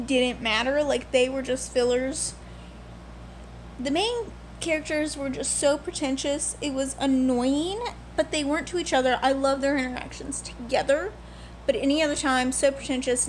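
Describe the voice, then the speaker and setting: A woman's voice: high-pitched, a little hiss or hum. A young woman in her twenties chatting candidly and rambling as a book vlogger. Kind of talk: casual vlog chat.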